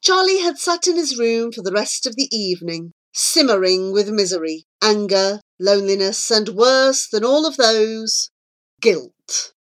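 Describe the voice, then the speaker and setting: A woman reading a children's novel aloud as narrator with expressive, measured storybook narration. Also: medium pitch. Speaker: audiobook reader.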